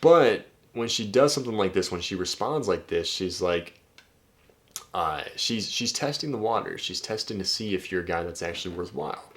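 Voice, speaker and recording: A man's voice: deep voice, animated, normal speed. A man working as a dating coach, reading out text messages and commenting on them in a loose, chatty way, with some swearing and a frequent "right?". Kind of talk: casual commentary reading out texts.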